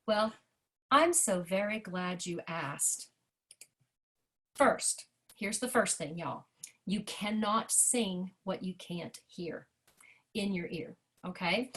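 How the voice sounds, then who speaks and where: Woman, jazz vocal teacher, video-call workshop, lively and hands-on. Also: mid-range voice, measured pace. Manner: chatty, animated, sings rhythm syllables to demonstrate. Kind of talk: online workshop lesson.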